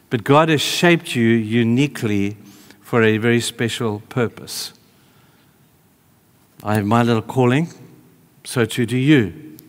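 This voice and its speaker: A male preacher with a mid-range voice animatedly tells a story during a sermon in a large hall, shifting between hushed and raised delivery.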